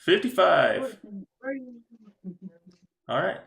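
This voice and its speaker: A man running a tabletop game as game master, briskly calling for rolls. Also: high voice, very animated, gravelly, a bit bright, reverberant.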